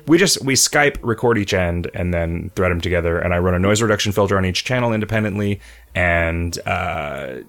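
Male podcast host, low voice, loose rambling delivery, reads listener questions aloud. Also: lively intonation, fairly quick, fairly bright tone. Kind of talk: casual podcast chat.

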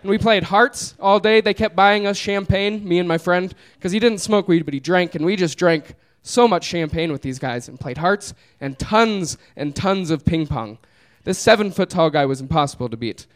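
A young man tells a long story on stage, relaxed and amused, and laughs often as he goes. His voice sits a little high for a man and comes across smooth and clear. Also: moderate pace, hardly any pauses. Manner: laid-back, amused, laughs through his own story. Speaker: comedian telling a story on stage. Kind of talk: live storytelling. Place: small live venue.

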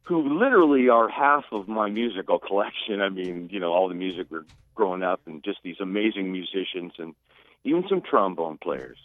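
A man calling in to a radio show, earnest and halting, with many restarts. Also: low-pitched, animated, dry recording, narrow, tinny audio. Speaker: caller. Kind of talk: phoned-in radio chat.

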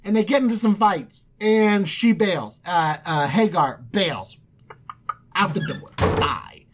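A woman co-hosting a casual chat, retelling a Bible story in an animated, joking way and acting out the quotes. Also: medium pitch, slow pace, over music. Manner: animated and joking, acts out quotes, laughs often. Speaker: podcast co-host.

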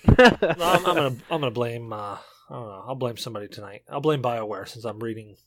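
In a casual podcast chat, a drunk co-host tells a long joke, rambling and cutting himself off with repeated restarts. He talks fast at a medium pitch.

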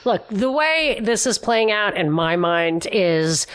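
A woman's voice: mid-range voice, big pitch swings, slow pace, smooth. A woman co-hosting a podcast, chatting about politics in a joking way and acting out conversations. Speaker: podcast co-host. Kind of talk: casual political chat.

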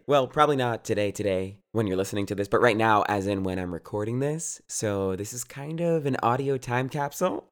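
A man's voice: mid-range voice, fairly bright tone, smooth. A man hosting a podcast, bubbly and playful as he opens the show. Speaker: podcast host. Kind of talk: podcast intro and chat.

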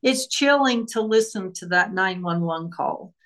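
A woman's voice: mid-range voice, lively intonation, measured pace, a bit bright. A woman author, a guest on an interview show, retelling a true crime case and acting out the voices of the people involved.

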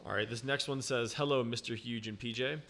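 A man's voice: mid-range voice, fairly even intonation, brisk, a bit bright. Podcast host man reading listener mail.

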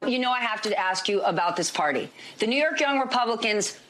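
A woman's voice: on the high side, expressive, fairly quick, fairly bright tone. A woman news anchor asking pointed interview questions.

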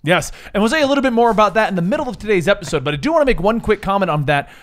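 A man hosting a comics podcast with a high, bright-sounding voice that rises and falls a great deal. He talks in a lively, joking, enthusiastic way, chatting casually with his co-hosts. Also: rapid-fire. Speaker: podcast host.

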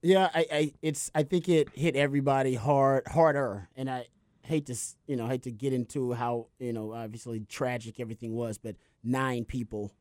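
A man's voice: normal speed, no room sound. Dry-voiced man in casual sports talk. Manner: animated retelling, jumps higher when quoting others. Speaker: podcast co-host. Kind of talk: casual chat.

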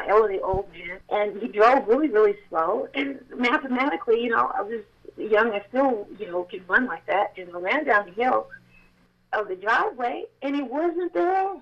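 An older woman, a guest on an interview show, telling a story in an animated, emphatic way that swings up to near-shouting exclamations. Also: medium pitch. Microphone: telephone. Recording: tinny phone line.

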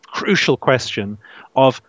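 A man being interviewed about his writing, speaking thoughtfully with frequent restarts and soft laughs. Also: mid-range voice, lively intonation, takes it slowly, no room sound. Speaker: author guest. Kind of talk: casual interview. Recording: dull dry lo-fi sound.

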